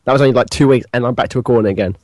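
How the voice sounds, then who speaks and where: Fast-talking British man, rambling. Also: medium pitch, a little mellow, no echo. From Britain. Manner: rambling, self-mocking, stumbles over words. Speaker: podcast guest. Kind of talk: casual chat.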